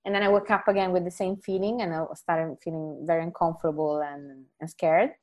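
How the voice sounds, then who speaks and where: Hesitant woman, lowish voice. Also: fairly even intonation, dull audio. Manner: hesitant, halting with many restarts and laughs. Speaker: guest storyteller. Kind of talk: casual conversational storytelling.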